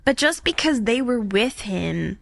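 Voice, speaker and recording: A woman co-hosting a faith podcast in casual chat, animated and acting out quotes as she talks. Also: a little high, unhurried, creaky, no echo. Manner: animated, acts out quotes in voices. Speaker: podcast co-host.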